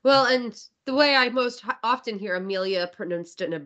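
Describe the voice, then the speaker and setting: Bright, lively woman co-hosting a book chat. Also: a little high, normal speed, lo-fi sound. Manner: enthusiastic, chatty, swears casually. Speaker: podcast co-host. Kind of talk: casual book-review chat.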